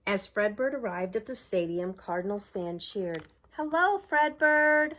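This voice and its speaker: A woman's voice: medium pitch, moderate pace. A middle-aged woman who runs a preschool, reading a picture book aloud to young children and asking them questions as she shows the pages. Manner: asks young listeners questions and points at pictures; bright exaggerated voice for cheering lines. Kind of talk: children's story time read-aloud.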